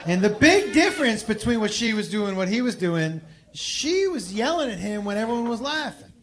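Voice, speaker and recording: A high-pitched man doing stand-up on a club stage, telling his story with big swings between hushed asides and loud punchlines. His voice comes through a handheld stage mic. The live room adds clear crowd murmur and noise under him. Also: sing-song, moderate pace. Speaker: stand-up comedian. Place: comedy club stage before an audience.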